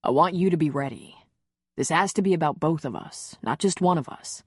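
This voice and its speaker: A woman reading the part of a gentle, confident man in an audiobook romance, speaking in a low, reassuring murmur. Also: a little fast, husky, no echo, studio quality. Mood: tender. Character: tender confident adult man, a lover.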